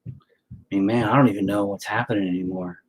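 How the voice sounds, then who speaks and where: A man's voice: lowish voice, steady tone, fast, slightly rough. A man hosting a painting livestream from home, talking in a rambling, sarcastic, self-mocking way with plenty of swearing. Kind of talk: casual chat while painting.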